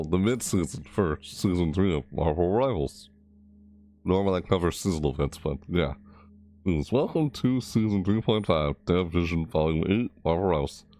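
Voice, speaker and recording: Low, mumbling man rambling through a game overview. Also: darkish tone. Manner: rambling, restarting phrases and correcting himself. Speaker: gaming video creator.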